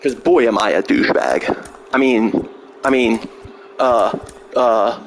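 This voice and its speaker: A man's voice: mid-range voice, slow pace, long pauses, a little hiss or hum. A man live-streaming a video game, trash-talking a troll in chat with heavy profanity and sarcasm. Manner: profane, mocking trash talk.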